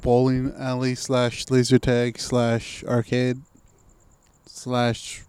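A laid-back man co-hosting a casual podcast chat, wry and swearing freely. His voice is smooth and resonant at an ordinary pitch. The sound is dry and close, with no echo. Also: completely flat delivery, slow pace, a little mellow. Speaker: podcast co-host.

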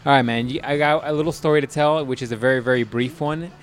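A podcast co-host tells a crude story loosely and casually, laughing often and using plenty of fillers. He speaks quickly at a medium pitch.

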